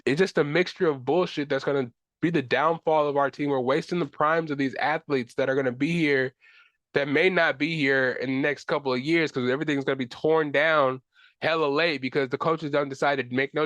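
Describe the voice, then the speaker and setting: A man's voice: on the high side, fairly bright tone, no room sound. A young man hosting a solo sports podcast, ranting in frustration with casual slang and profanity. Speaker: podcast host.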